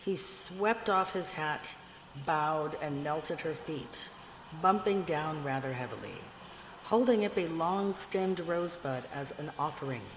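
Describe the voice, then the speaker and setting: A woman reads a fairy tale aloud in a measured, expressive way. Her voice is low and her pace unhurried. The recording has a long reverb and a faint background hiss. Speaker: narrator. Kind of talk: storybook reading. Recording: echoey room with long reverb, faint noise.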